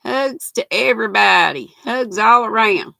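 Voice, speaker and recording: Folksy older woman, gravelly. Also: fairly high pitch, a little slow, sharp tone, no room sound, poor audio. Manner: chatty, folksy, greets viewers by name. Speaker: knitting livestream host. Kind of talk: casual live chat reading comments.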